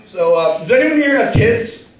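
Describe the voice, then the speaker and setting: Young guy doing stand-up, high-ish voice, swears a lot, echoey club, crowd laughing. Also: very animated, moderate pace. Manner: loose, profane, self-mocking storytelling. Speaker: stand-up comic. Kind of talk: stand-up comedy set. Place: small comedy club stage. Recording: echoey room, taken from far off. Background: audience laughing.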